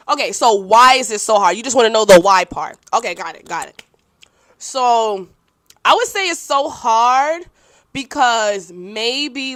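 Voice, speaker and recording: A young adult woman hosting her own podcast, answering listener questions in blunt, profane, casual chat and quickly apologizing when she oversteps. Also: a little high, a bit bright, no echo. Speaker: podcast host.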